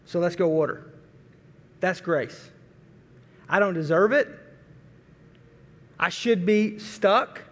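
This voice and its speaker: A middle-aged man from Arkansas preaching a sermon, telling a folksy, animated story and acting out family voices. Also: high-pitched. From Arkansas, USA. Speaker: pastor. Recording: long reverb of a large hall.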